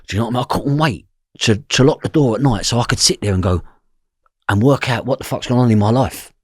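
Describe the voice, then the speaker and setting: Fast and medium-pitched, this middle-aged guest on a podcast delivers blunt, intense first-person storytelling full of swearing and repeated "you know what I mean?" questions. It's studio-quality audio with no room sound.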